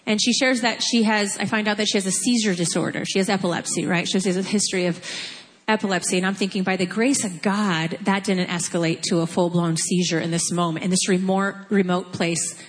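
A woman in her forties telling a personal mission story in an earnest, halting, emotional way. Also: medium pitch, fairly even intonation, in a large hall. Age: 40s. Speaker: mission trip speaker. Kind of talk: personal testimony.

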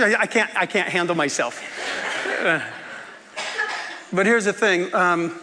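A man telling a personal story in a sermon, animated and often laughing as he acts out the people in it. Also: high-pitched, moderate pace, pauses often, long reverb tail, slight background noise. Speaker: preacher.

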